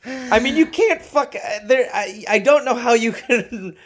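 A man co-hosting a comedy podcast, reacting to the story with incredulous, sarcastic remarks and halting restarts. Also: very high-pitched, lively intonation, background noise. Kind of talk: casual comedic podcast banter.

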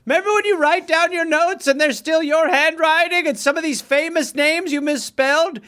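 A man voicing the ghost of a sharp-tongued old woman who mocks and insults a man. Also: very high voice, moderate pace. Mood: scolding. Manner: mocking, insulting.

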